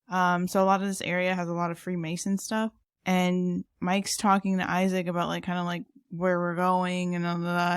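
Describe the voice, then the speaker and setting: This podcast co-host, a woman who has lived in San Antonio, Texas, has a lowish, smooth voice recorded with studio quality and no room sound. She's talkative in casual chat, laughing often and using lots of fillers.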